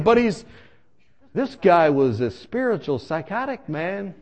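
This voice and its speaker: A man telling a comic personal story in an animated way, acting out voices and laughing as he goes. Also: sits high, unhurried, gravelly.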